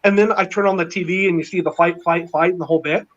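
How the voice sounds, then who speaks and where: A middle-aged man telling a long story in casual chat, rambling and excited, with many fillers. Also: sits high, fast talker. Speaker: panel guest. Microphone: video call. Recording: dull lo-fi online call audio.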